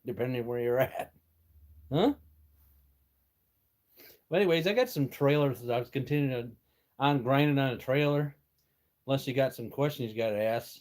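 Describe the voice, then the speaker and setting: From his workshop, an older American man hosts a relaxed live stream, responding to viewers' messages with folksy chat and chuckles. He speaks at medium pitch with a slightly mellow tone.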